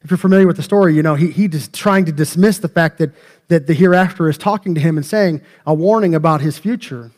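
Casting: male pastor, slightly high voice, chatty sermon with humorous asides to the congregation. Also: fast talker, a little mellow. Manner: conversational, joking asides to the congregation. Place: church sanctuary.

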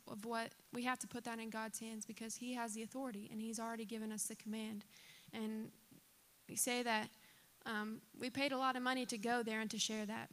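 Woman, mission team member; reflective church sharing, even and slightly high. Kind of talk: church testimony talk.

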